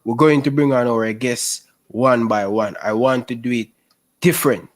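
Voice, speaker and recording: A man hosting a casual post-match football fan stream, excitable and repetitive, often calling people bro. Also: medium pitch, moderate pace. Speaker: fan show host.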